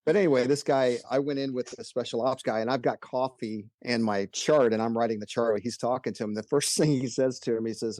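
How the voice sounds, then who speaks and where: A middle-aged man, an emergency doctor, telling stories in a relaxed, casual way. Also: mid-range voice, fairly quick, hardly any pauses, no room sound. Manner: laid-back anecdotal storyteller. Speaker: emergency physician guest. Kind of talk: casual storytelling.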